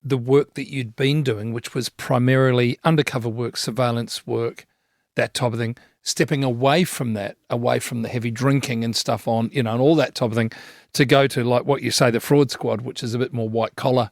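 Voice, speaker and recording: A man's voice: mid-range voice, fairly even intonation, normal speed, gravelly, no room sound, studio quality. A man hosting a podcast, asking casual, conversational questions and sometimes searching for words. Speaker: podcast host. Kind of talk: interview questions.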